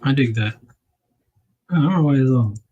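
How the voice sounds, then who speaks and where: A man's voice: medium pitch, lively intonation, moderate pace, warm tone, slightly rough, dull audio. A man hosting a casual livestream, rambling and correcting himself with little laughs as he packs things up. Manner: narrates while packing items. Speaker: livestream host.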